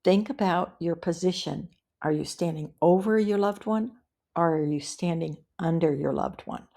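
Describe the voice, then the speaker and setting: Woman, middle-aged, webinar presenter; low, gravelly, calm and practical, repeats key points. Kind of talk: instructional webinar talk.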